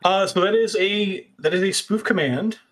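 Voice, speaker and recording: Man game master, slightly high voice. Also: normal speed. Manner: relaxed, rules explaining. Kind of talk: narrating a tabletop game.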